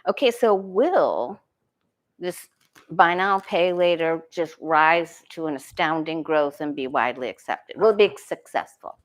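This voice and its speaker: A woman's voice: deep voice, unhurried. A woman doing a casual solo tarot reading, thinking aloud, asking herself questions and restarting her sentences. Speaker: tarot reader.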